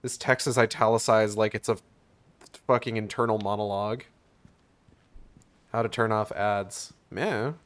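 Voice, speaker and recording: A man's voice: on the low side, fairly even intonation, unhurried, long pauses. A man streaming a video game, chatting casually and sarcastically, swearing and reading on-screen text aloud. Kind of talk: casual gameplay commentary.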